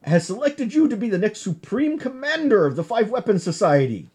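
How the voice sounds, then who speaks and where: A man's voice: sits high, very animated, brisk, a little mellow, slightly rough, pitched above the performer's own voice, exaggerated voice. A man voicing a big, hulking, friendly brother from a comic, using a put-on Russian accent. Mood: eager.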